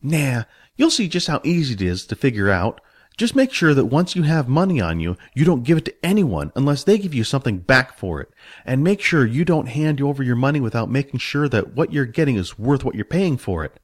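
A man voicing Jack, a cheerful streetwise young man, in a brighter, higher voice than his narration. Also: a little fast, no echo. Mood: reassuring. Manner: reassuring, lively, higher-pitched.

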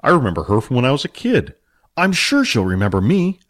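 A man voicing Billy, a big, naive barbarian, lower and slower than his narration. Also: wildly swooping pitch. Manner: slow, lower, simple-minded.

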